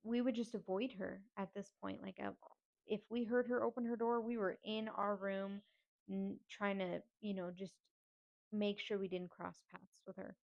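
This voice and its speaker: A woman's voice: medium pitch, steady tone, normal speed, gravelly. A woman hosting a podcast, telling a personal story in a candid, casual and profane way. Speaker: podcast host. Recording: slightly dull lo-fi audio.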